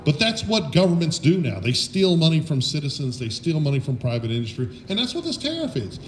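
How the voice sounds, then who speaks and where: A man's voice: a little high, very animated, fairly quick, a little hiss or hum. A middle-aged man hosting a casual political chat, talking bluntly and swearing freely as he rants his opinions. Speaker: podcast host.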